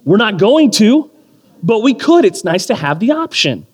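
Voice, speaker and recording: Man, 30s, pastor; lively, self-mocking sermon storyteller, slightly high voice, long hall reverb. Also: moderate pace, slightly rough. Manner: animated storytelling with self-deprecating humor. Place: church or community hall.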